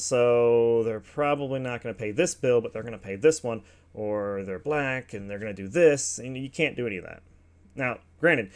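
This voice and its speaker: A man hosting an opinion show, reading passages aloud and commenting in a casual, offhand way with asides to his viewers. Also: mid-range voice.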